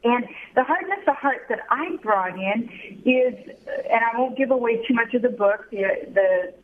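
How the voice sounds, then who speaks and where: A woman's voice: a little high, expressive, moderate pace. Woman guest by phone, earnest and explanatory, tinny line, faint hiss. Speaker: guest author and counselor. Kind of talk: interview answers.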